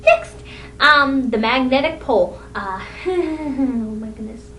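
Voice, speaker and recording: A woman's voice: lively intonation, takes it slowly, a bit bright. A young woman telling rambling, self-deprecating stories from her own life in a casual vlog. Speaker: vlogger. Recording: echoey room, distant mic, faint rumble.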